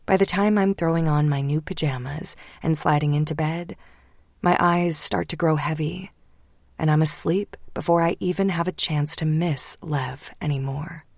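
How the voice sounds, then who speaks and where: A woman reading a first-person romance audiobook, hushed and slipping into whispers at tense moments. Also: low-pitched, steady tone, normal speed, gravelly, no echo, studio quality. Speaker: audiobook narrator.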